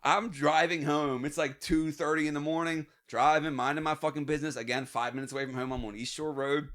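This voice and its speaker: Profane storytelling podcast host. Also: male voice, a little high, a little fast. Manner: profane, animated anecdote-telling with laughs. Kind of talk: casual storytelling.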